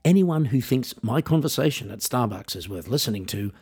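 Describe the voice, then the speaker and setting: A man's voice: mid-range voice, animated, fairly quick, darkish tone, husky. An Australian man hosting his own podcast, delivering a wry, self-deprecating scripted monologue. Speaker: podcast host and musician.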